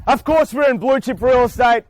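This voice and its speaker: A man, an auctioneer, speaking outdoors in front of a house with booming salesman patter and long theatrical pauses. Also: dry recording. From Australia. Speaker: real estate auctioneer.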